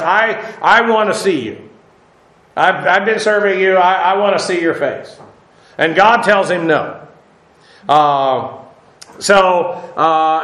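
A man teaching a Bible study lecture, unhurried, with many fillers and rhetorical questions. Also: high-pitched, sharp tone. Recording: roomy echo.

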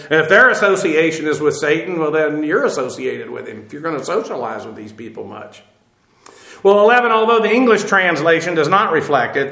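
A man's voice: fairly high pitch, sharp tone. A man teaching verse by verse through a Bible passage, talking conversationally and stressing his points with emphatic asides. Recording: roomy echo.

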